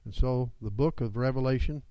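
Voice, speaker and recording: A man's voice: medium pitch, a little fast, no room sound, dull audio. Man, pastor, emphatic sermon, resonant tone, dry close sound. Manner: emphatic preaching with rising and falling delivery.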